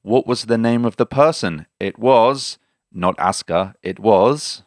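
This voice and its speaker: A man with a very deep voice co-hosts a casual language-lesson podcast. He quizzes his partner with questions and teases himself about his explanations. His voice sounds dry and close. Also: measured pace, no room sound. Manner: quizzing, jokey and self-deprecating. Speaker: podcast co-host.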